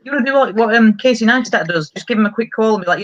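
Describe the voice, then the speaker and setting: A woman's voice: on the high side, racing, dull audio. A woman hosting a casual livestream interview over a video call, chatty and encouraging. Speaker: host.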